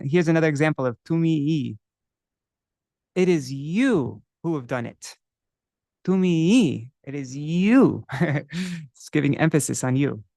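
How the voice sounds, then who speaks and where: A man leads a class on a devotional song, taking it slowly and explaining each word. He pauses to check a dictionary and chants scripture verses in a measured way. His voice is recorded close and dry. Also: fairly high pitch, gravelly, darkish tone, no echo. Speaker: teacher of devotional song texts.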